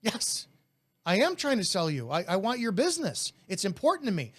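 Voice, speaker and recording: Man, high voice, blunt, aggressive, in-your-face sales coaching talk. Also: wildly swooping pitch, moderate pace, fairly bright tone. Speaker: network marketing trainer.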